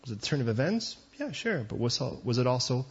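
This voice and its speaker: A man preaching a sermon as pastor, conversational with joking asides and quick digressions. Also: medium pitch, very animated, breathy edge, highs cut off.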